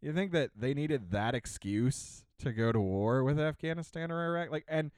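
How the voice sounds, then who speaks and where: A man's voice: medium pitch, expressive, normal speed, a little mellow, smooth, dry recording. A man on a podcast, chatting casually in a sarcastic rant, full of fillers and restarts. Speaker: podcast co-host. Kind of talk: casual ranting chat.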